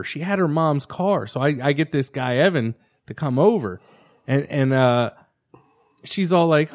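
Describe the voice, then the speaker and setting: Animated, profane young man spinning a story. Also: a little high, moderate pace. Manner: animated, profane, mimics voices in his stories. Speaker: storyteller guest. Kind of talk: casual podcast chat.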